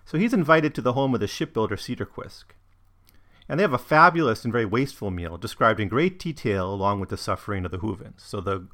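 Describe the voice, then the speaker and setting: A man talking through a novel chapter by chapter in a relaxed, conversational way. He pauses often with ums and restarts his sentences as he thinks. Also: lowish voice. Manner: thoughtful, with frequent ums and restarts. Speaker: book reviewer. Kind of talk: casual book discussion and reading aloud.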